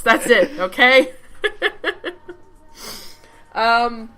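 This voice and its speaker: A woman's voice: on the high side, big pitch swings, extremely slow, bright, forceful tone. A woman co-hosting a podcast in casual chat, laughing often and swearing freely. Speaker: podcast co-host.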